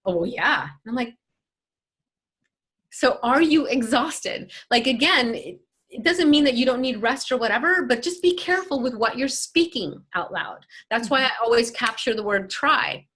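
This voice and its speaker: A woman's voice: a little high, expressive, moderate pace, pushed and bright. A woman life coach talking in an interview, emphatic and motivational, often acting out quoted voices.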